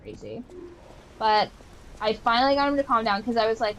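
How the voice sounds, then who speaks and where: A young woman streaming a game, chatting casually in a rambling way full of "like" fillers and telling animated, playfully exasperated stories. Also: a little high, moderate pace, slight background noise, rough recording. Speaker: gaming streamer. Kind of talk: casual chat while playing a game.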